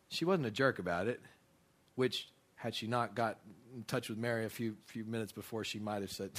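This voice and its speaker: A middle-aged pastor is telling a story from the pulpit, his voice bright and forward. He talks in an animated way, restarts often, and briefly acts out the other people in the story. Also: lowish voice, normal speed. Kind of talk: sermon storytelling.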